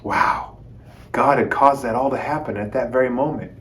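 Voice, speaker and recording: A man teaching a children's Bible lesson as a lively story, talking straight to the kids and acting out the quotes. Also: medium pitch, normal speed, a little hiss or hum. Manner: lively, addresses kids as "guys", acts out quotes.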